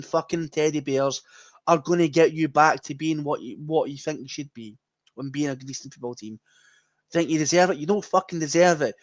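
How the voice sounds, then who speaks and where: A Scottish podcast host with a fairly high voice lets loose a heated, foul-mouthed, gloating rant. The sound is dry and close, with no room around it. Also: male voice, normal speed, dry recording. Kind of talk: ranting fan commentary.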